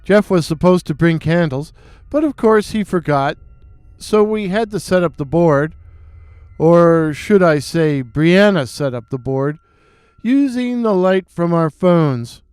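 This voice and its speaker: A man reads an eerie listener account at an unhurried pace, his voice smooth and resonant, a touch higher than most men's. The recording is close and completely dry, with no room sound, and he drops in flat, deadpan asides between the dramatic passages. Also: dry recording. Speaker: narrator. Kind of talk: reading listener stories aloud.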